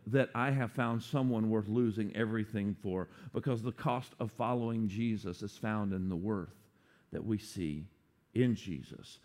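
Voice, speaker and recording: A man preaching a sermon, animated and playful, acting out quotes for humor. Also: mid-range voice. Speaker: pastor.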